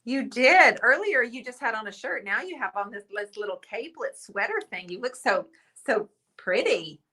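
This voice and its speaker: A woman's voice: a little high, expressive, normal speed, sharp tone. A woman hosting a casual livestream, chatty and teasing as she reads viewer comments aloud. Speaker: livestream host.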